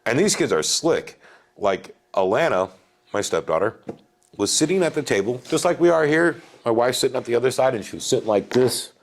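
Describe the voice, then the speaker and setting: A man telling family stories in a casual chat, animated, acting out his kids' lines and often calling the listener "bro.". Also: medium pitch, fairly quick. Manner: animated, swears, says "bro" a lot. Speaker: podcast guest. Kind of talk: casual storytelling.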